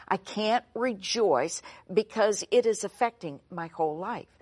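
A woman's voice: medium pitch, lively intonation, measured pace, darkish tone, husky, dry recording. A woman voicing an anxious, overwhelmed churchgoer who pleads in frustration. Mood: pleading.

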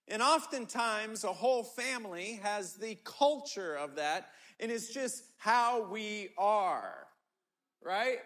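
High-voiced, slow-preaching man. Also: fairly bright tone. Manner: emphatic, repetitive preaching with stammered restarts. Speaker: pastor. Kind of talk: sermon.

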